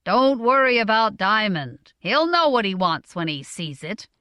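A woman's voice: medium pitch, very animated, unhurried, bright, forceful tone, smooth, no echo. A woman voicing a hearty, blustery merchant in his mid-forties who teases his family, in a dry recording. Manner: blustery, teasing.

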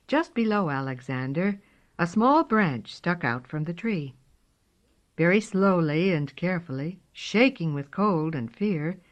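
A woman reading a storybook aloud in a slow, expressive way. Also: low voice. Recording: dull lo-fi recording.

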